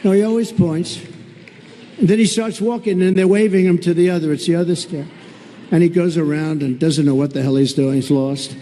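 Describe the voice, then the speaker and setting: A man's voice: a little high, steady tone, a little fast, mellow, a little hiss or hum. Blunt, sarcastic man speaking in a big hall. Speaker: political candidate at a rally. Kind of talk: rally speech. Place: large rally venue. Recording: long reverb of a large hall.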